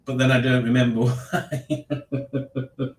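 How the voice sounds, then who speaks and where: A man's voice: mid-range voice, level tone, slow pace. A man hosting a live stream, reading chat aloud in a chatty, jokey way and laughing often. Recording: roomy echo.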